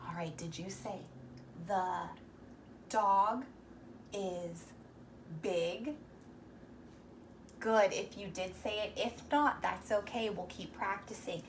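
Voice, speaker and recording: A young woman teacher giving a reading lesson to young children, speaking slowly and encouragingly and sounding out words sound by sound. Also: mid-range voice, far from the mic, a little hiss or hum.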